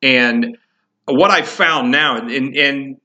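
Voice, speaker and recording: Rambling man with a bright voice. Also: medium pitch, slow pace, highs cut off. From Indiana. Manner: rambling, many restarts, chuckles. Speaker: podcast host. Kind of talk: casual storytelling monologue.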